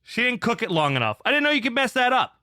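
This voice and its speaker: A man's voice: extremely high pitch, very animated, quick pace, bright, forceful tone, no room sound, studio quality. A man telling a heated story on a casual podcast, swearing a lot and getting fired up. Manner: profane, fired-up ranting. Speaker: podcast co-host.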